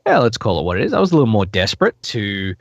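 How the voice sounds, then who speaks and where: Low-voiced man musing in a dry room. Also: very animated, quick pace, dry recording, muffled recording. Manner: thoughtful, rambling with frequent restarts and fillers. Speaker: voice actor guest. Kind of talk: casual interview answers.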